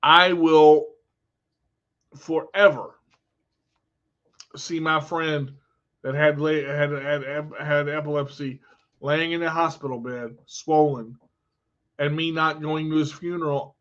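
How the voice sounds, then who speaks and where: A man's voice: fairly high pitch, steady tone, slow pace, pauses often, a bit bright, muffled recording. A man vlogging in a candid, blunt monologue, telling personal stories with emphasis.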